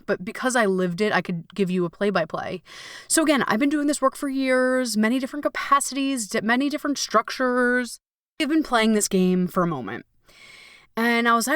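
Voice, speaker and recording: A woman's voice: mid-range voice, fairly bright tone, dry recording, clean studio sound. A young adult woman hosting a podcast, talking casually and expressively, swearing freely and acting out her inner voices. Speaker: podcast host and coach. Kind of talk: casual solo podcast monologue.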